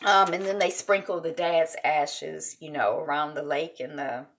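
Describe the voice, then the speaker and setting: A woman's voice: deep voice, fairly even intonation, unhurried, slight background noise. A woman recapping a TV episode in a chatty, emotional way, retelling scenes with quoted lines. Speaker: TV recap vlogger.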